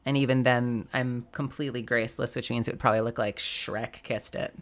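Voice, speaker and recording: A woman's voice: a bass voice, steady tone, brisk. A young woman streaming live while sick and coughing, chatting casually and greeting viewers by name with frequent laughter.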